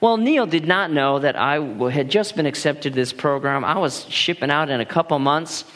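A man in his thirties tells stories from the pulpit as a pastor, with a voice that sits a little high. He talks in an animated, casual way, restarting his sentences often as he goes. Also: normal speed. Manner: animated, laughing storyteller with many restarts. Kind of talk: storytelling sermon.

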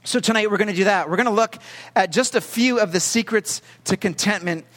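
A young man with a fairly high voice delivers a storytelling sermon, chatty and halting, full of "uh" and restarts. His voice trails off into a long hall reverb. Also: fairly bright tone. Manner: conversational, halting with fillers. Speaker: pastor.

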